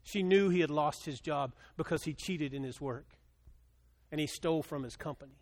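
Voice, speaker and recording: A middle-aged male pastor preaching a sermon, moving between quiet storytelling and loud, impassioned appeals. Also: a little high, normal speed.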